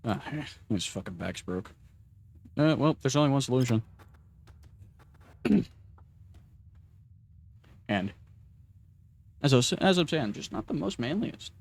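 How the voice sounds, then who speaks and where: Young male vlogger, loose crude rambling, mid-pitched, self-mocking. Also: sing-song, unhurried, pauses often, a little mellow. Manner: rambling, crude, self-deprecating, with frequent restarts. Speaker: gaming vlogger. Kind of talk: casual rambling commentary while playing.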